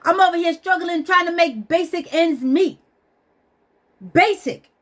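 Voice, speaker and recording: A woman's voice: very high voice, unhurried. A woman venting bluntly on a vlog, stressed and weepy, swearing as she talks. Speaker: vlogger. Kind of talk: emotional personal vent.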